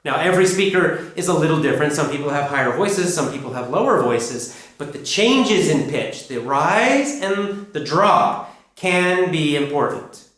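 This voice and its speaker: A man with a North American accent teaching English pronunciation, speaking slowly and emphatically as he demonstrates rises and falls in pitch. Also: lively intonation, a bit bright. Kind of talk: spoken lesson to learners. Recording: very echoey room.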